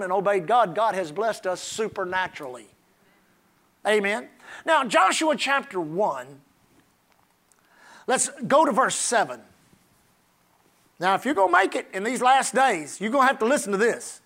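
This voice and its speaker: A man preaching a sermon as pastor, slowing down to stress scripture and rising into shouts. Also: high-pitched, expressive. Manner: preaching with emphatic, drawn-out scripture lines.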